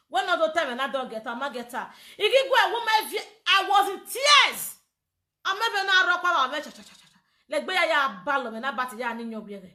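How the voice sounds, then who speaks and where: High bright Nigerian woman ranting. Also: sing-song, fairly quick, reverberant. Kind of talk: animated social media rant.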